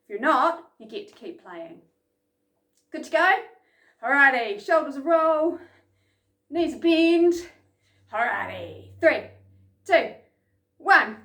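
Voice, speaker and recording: A woman leading an energetic children's lesson, chanting and calling out game sounds. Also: high voice, slow pace, pauses often. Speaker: children's program instructor. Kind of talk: lively kids' lesson from home. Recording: echoey room.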